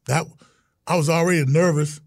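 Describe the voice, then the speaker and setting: A middle-aged man from Texas, a retired football player, telling stories as a guest in an animated, exclaiming way. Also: on the high side, moderate pace, no echo, clean studio sound. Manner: animated, exclaiming, acts out quotes. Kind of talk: storytelling in casual chat.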